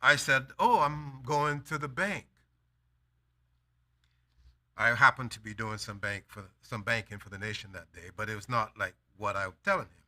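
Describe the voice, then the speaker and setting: A male preacher with a very bright, forceful voice delivers a sermon through a personal story. He acts out both sides of a conversation, then hammers home his points with emphatic declarations. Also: on the low side, steady tone, fairly quick.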